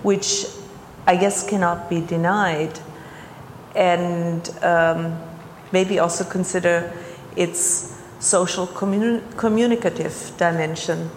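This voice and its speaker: A woman on a panel, speaking in a hesitant, measured way about ideas. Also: fairly low pitch, fairly even intonation, echoey room, long reverb tail, slight background noise. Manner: hesitant, measured, stammering start. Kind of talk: academic discussion.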